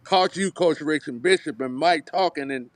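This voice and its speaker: A panelist on a casual football show talks at a slightly raised pitch. He rambles easily from thought to thought, and the recording is dry and close. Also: normal speed, no echo. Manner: easygoing, rambling.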